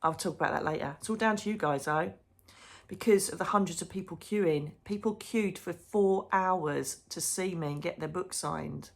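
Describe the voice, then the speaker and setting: A woman's voice: lowish voice, normal speed, creaky. A woman chatting emotionally in a casual diary vlog from a hotel room. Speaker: psychic medium vlogger.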